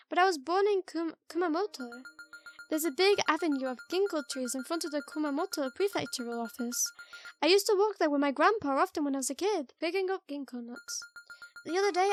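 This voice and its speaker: A woman voicing a soft-spoken young female murder suspect, gentle and eerie, reading a visual novel aloud in a quiet, hesitant way. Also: high-pitched. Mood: reflective.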